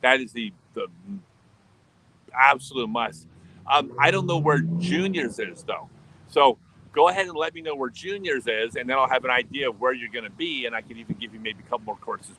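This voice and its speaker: Animated laughing American man storyteller. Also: medium pitch, rough recording. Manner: animated, laughing, restarts and quick asides. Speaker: livestream host. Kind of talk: casual storytelling and answering chat. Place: home in Australia, livestream.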